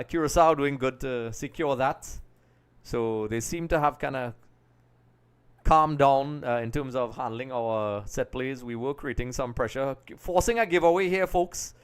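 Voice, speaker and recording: Young male stream host for a football watch-along; smooth, slightly high voice, casual play-by-play that surges with excitement on chances. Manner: chatty, addresses viewers as folks, excited bursts at chances.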